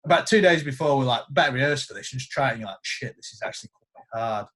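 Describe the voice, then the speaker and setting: A man's voice: medium pitch, fast. A man, a guest guitarist, telling stories in casual podcast chat and acting out the quotes. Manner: animated storyteller acting out quotes.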